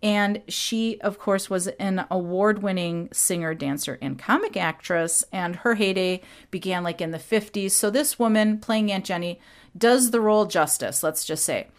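Woman, podcast host, casual storytelling, animated, quick impressions. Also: medium pitch.

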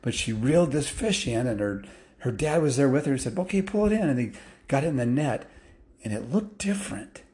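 A man telling a story in a loose, casual way, with restarts and fillers, picking up excitement as the action builds. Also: mid-range voice, a little fast.

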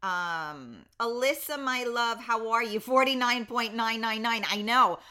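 A woman's voice: fairly high pitch, a little slow, pushed and bright, clean tone. Chatty woman hosting a live stream. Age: 50s. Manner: chatty, reads comments aloud, many fillers. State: in pain and a bit foggy. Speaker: livestream host. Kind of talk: casual live chat greeting viewers.

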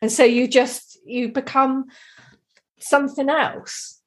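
Woman with a higher pitch, a reflective and meandering talker in a casual chat. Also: fairly even intonation, takes it slowly. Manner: reflective, rambling, frequent "you know".

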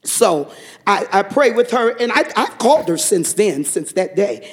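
A man giving a fervent testimony to a church congregation, telling a story and breaking into shouted praise. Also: sits high, sing-song, measured pace.

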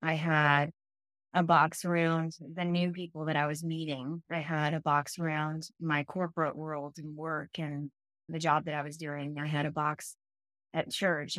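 A woman co-hosting a faith podcast, sharing her own story in a reflective, measured way. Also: lowish voice, fairly bright tone, dry recording. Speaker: podcast co-host. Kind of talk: personal testimony on a faith podcast.

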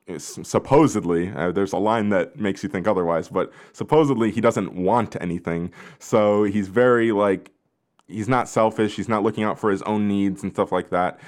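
A man's voice: on the low side, moderate pace. A man hosting a casual discussion, rambling with lots of fillers and restarts while he moderates. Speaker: podcast host.

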